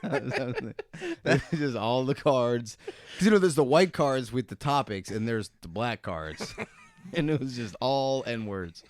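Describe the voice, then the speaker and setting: A man's voice: medium pitch, animated, normal speed, dry recording. A young man co-hosting a comedy podcast, talking in a playful, rambling way that often trails off mid-thought. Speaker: podcast co-host. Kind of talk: casual comedic chat.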